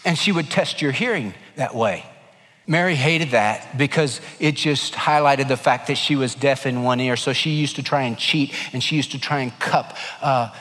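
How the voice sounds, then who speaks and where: A male pastor preaching a sermon, animated and emphatic, dropping to a hush for quieter passages. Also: mid-range voice. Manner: animated preaching, swinging between emphatic and hushed. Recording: long hall reverb.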